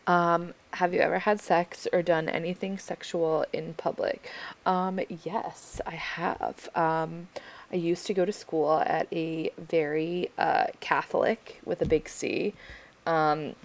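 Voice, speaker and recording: A young American woman answering listener questions in a casual chat, late at night and tired, pausing often with ums and likes. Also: sits low, little pitch movement, creaky. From United States. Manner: hesitant, full of ums and likes.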